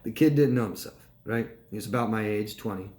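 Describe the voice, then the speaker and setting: A man working as a life coach, answering viewer questions live in a calm, conversational way. He keeps checking in with "right?" and "okay?". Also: fairly low pitch, a little fast, echoey room. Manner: calm and reassuring when advising.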